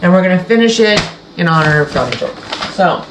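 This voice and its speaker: A woman's voice: on the low side, animated, quick pace. A woman hosting a sewing channel, chatting casually and rambling as she shows her quilting project. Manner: rambling, self-interrupting, chatty. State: tearful, emotional. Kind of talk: casual sewing vlog chat. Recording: echoey room with faint background noise.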